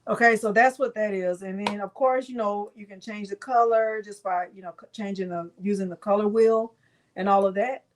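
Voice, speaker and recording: A middle-aged woman hosting a live craft software tutorial, chatting with viewers by name while she demonstrates. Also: mid-range voice, steady tone, moderate pace.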